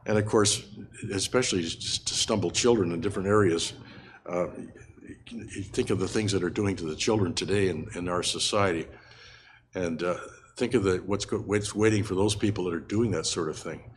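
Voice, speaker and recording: Low-voiced older man giving Bible teaching. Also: slight background noise. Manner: halting, frequent restarts and fillers, earnest. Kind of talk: unscripted Bible study sermon.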